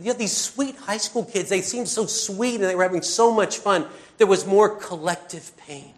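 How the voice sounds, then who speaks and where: A man's voice: high voice, expressive, normal speed. A middle-aged man preaching a sermon in a conversational, earnest way, full of fillers and sighs.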